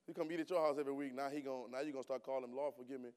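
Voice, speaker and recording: A man preaching a sermon in a church, talking casually to the congregation and firing rhetorical questions, then rising into loud, emphatic bursts. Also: mid-range voice, steady tone, very fast, clean tone.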